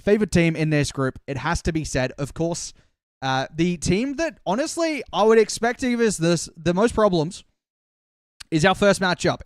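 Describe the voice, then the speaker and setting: A man's voice: on the high side, no room sound, studio quality. A young man chatting playfully with his live-stream viewers as a caster, talking straight to chat. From Australia.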